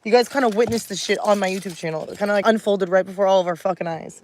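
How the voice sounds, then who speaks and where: A racing, medium-pitched voice with a darkish tone belongs to a woman in her thirties livestreaming from home at night. Her rant is blunt, heated and thick with swearing, broken up by cooing baby talk aimed at her dog.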